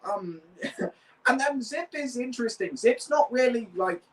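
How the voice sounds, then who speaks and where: A man's voice: very high voice, lively intonation, normal speed, recorded from a distance, rough recording. A young man hosting a model-building video, chatting casually and rambling with frequent restarts. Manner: rambling, many fillers and restarts. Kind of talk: casual chat.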